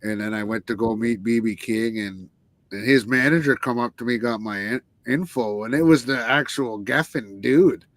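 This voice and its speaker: A man's voice: mid-range voice, normal speed, fairly bright tone, no echo. Rambling storyteller man, dry sound. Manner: rambling, swears, many restarts and tag "eh". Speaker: guest musician. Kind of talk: casual storytelling.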